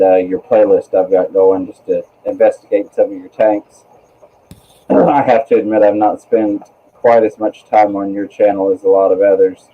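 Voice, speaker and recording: A man with a fairly low voice hosts a casual stream, talking loosely and reading chat. His audio is narrow and tinny, like a phone call. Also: husky. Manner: easygoing, reads chat aloud. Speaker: stream host.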